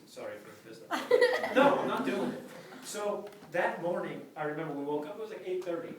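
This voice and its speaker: Lively man telling a story from afar. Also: high voice, fairly quick, crowd noise. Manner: animated, acts out quotes, laughs through lines. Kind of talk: casual comic storytelling. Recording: echoey room, distant mic, loud noise.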